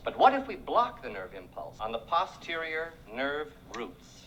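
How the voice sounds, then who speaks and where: Brief: a prim, excitable young surgeon, crisp diction, pitch swinging wide, fits of shouting, film comedy. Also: male voice, measured pace, a little hiss or hum, full character voice, poor audio. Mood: lecturing. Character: high-strung young male surgeon, prim, prone to outbursts. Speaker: lecturing professor. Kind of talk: 1970s film comedy acting.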